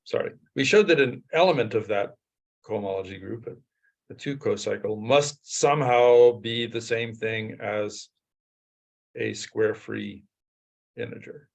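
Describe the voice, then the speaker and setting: A man in casual technical conversation about mathematics, speaking haltingly with frequent short assents. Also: on the low side, creaky. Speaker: mathematician discussing research.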